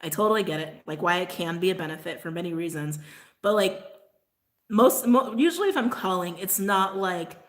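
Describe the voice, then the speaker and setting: A woman's voice: fairly low pitch, a little fast. A woman hosting a casual livestream, talking loosely and at length. She rants with a constant "like", breaks into laughs and keeps apologizing to her viewers. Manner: rambling, ranting, heavy use of "like", laughs often; apologetic asides. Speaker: tarot channel host.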